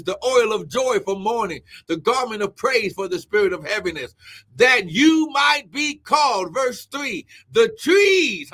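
A man preaching a fervent live-streamed sermon, shouting exclamations of glory and breaking into tongues as he prays. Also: high-pitched, breathy edge. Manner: speaks in tongues between phrases.

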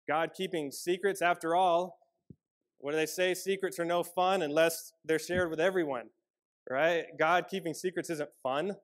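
Man, pastor, sermon, earnest and personal, a fairly high voice that drops to a hush on key lines. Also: steady tone, normal speed. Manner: earnest, personal storytelling with shifts between loud emphasis and quiet, soft passages.

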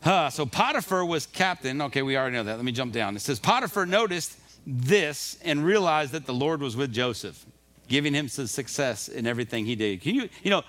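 Animated, bright-voiced preacher man. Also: medium pitch, fairly quick. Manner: animated storytelling preacher, acts out quoted voices. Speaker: pastor. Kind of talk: sermon. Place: church.

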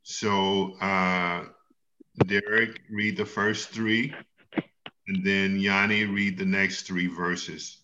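Male Bible class teacher, patient and questioning, bright tone, muffled video-call audio. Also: deep voice, little pitch movement, very slow, a little hiss or hum. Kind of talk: online Bible class lesson.

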